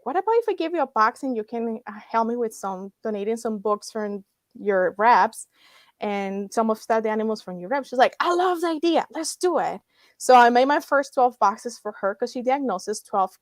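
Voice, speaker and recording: A woman's voice: fairly high pitch, no echo. A woman in her thirties, a guest founding a nonprofit, telling her story in conversation, acting out dialogue and laughing often.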